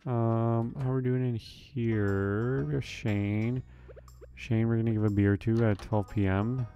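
Faint music plays behind a man with a medium-pitched, steady, dark voice who talks a little slowly. Playing a farming game for his let's play, he comments casually, often saying um and asking himself questions.

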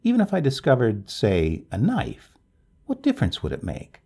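A cool, wry woman over thirty answers in a raised falsetto, calm and dryly reasonable, put on by a man reading a story. A gravelly, husky grain shows through the voice. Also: moderate pace, full character voice.

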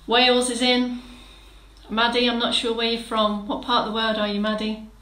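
A woman fitness instructor with a fairly high voice leads a live-streamed exercise class. She chats, greets viewers one by one and gives encouraging step-by-step cues. The sound bounces around an echoey room. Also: monotone, normal speed, fairly bright tone. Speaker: fitness instructor for older adults.

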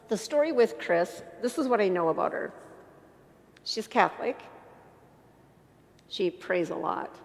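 Woman speaker, church testimony, earnest and emotional, wry humor, long hall echo. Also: on the low side. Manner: halting restarts when emotional. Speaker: inspirational speaker. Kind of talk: personal faith testimony to an audience.

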